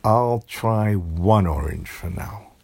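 A man's voice: fairly low pitch, takes it slowly, vocal fry, a little mellow, no echo, heavily acted. A man voicing a clever, polite girl in a bedtime story, speaking earnestly and firmly. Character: clever polite girl who eats oranges.

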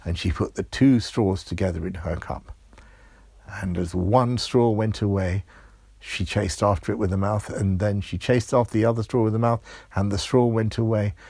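A man's voice: fairly low pitch, fairly even intonation, moderate pace, a little mellow, slightly rough, no echo. A man narrating an improvised children's story, playful and building suspense.

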